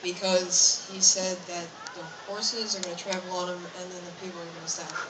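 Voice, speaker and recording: A man's voice: high-pitched, flat delivery, brisk, background noise. A man volunteering on stage as an interpreter, hesitant and improvising his answers. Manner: hesitant, making things up on the spot. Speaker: audience volunteer acting as interpreter. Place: outdoor fair stage. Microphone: audience camera from a distance. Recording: distant echoey outdoor crowd recording. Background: loud crowd.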